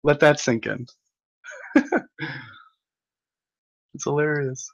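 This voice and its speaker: A man's voice: fairly high pitch, drawn-out words, vocal fry, dull audio. A young man hosting a livestream, reading the chat aloud and ranting at commenters with a mocking, exasperated manner, laughing often and swearing.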